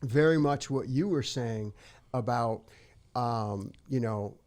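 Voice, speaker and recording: A man's voice: mid-range voice, slow, a little mellow. A middle-aged man, a singer-songwriter, talking casually and reflectively in an interview, rambling a little and acting out his own past thoughts.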